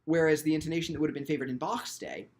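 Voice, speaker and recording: A man's voice: fairly high pitch, fairly even intonation, rapid-fire, darkish tone. A man teaching violin in an instructional video, speaking thoughtfully and often restarting his sentences with ums.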